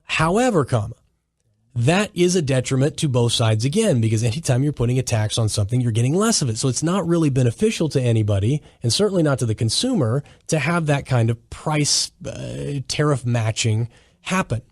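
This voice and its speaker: A man's voice: medium pitch, expressive, fairly quick, no room sound, studio quality. A man hosting a solo commentary podcast, talking emphatically in a lecturing way and often restarting his sentences. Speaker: podcast host.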